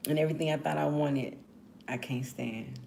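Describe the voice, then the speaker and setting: Lower-pitched woman host of about forty, profane and rambling, casual monologue. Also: moderate pace, gravelly, darkish tone, slight background noise. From Texas. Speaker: podcast host.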